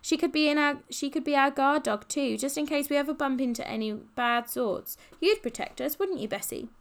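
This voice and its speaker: A woman voicing an excitable, old-fashioned posh schoolgirl in an audiobook. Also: high voice, normal speed, vocal fry, voice pushed up. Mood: gushing. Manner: gushing, breathless, old-fashioned.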